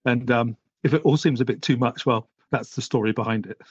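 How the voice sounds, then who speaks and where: A man's voice: medium pitch, fairly quick, slightly rough, dry recording. A man with a stutter, telling a candid personal story as a podcast guest in a wry, easygoing way. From Britain. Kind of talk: casual conversation. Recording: dry, slightly dull audio.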